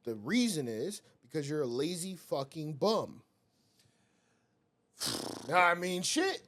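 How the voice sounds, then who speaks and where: A man's voice: on the high side, wildly swooping pitch, slow pace, a bit bright. A young man talking bluntly and with profanity as a guest on a casual podcast. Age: young adult.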